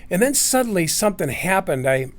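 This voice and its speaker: A middle-aged man, his voice sitting slightly high, telling a personal story in a loose, casual way. He rambles, circles back and restarts his sentences, filling the gaps with "you know" and "uh". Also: very animated, fairly quick. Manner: rambling, many fillers and restarts.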